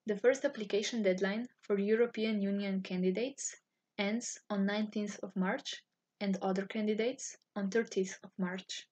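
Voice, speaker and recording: Breathy-voiced woman. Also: mid-range voice, normal speed. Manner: formal, even-toned reading. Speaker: university student office staff. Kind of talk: scripted informational narration.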